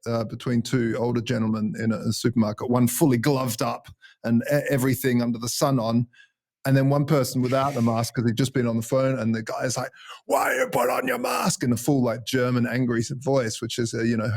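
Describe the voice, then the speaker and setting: Co-host, male, gravelly, chatty and self-deprecating. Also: medium pitch, darkish tone. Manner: rambling, self-deprecating storyteller. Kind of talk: casual conversation.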